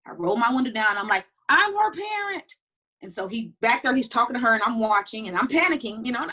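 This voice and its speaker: A middle-aged woman telling personal stories in an interview, talking quickly and animatedly with many restarts. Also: mid-range voice, slightly rough. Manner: fast, animated storytelling with frequent restarts. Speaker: interview guest. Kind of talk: candid personal storytelling.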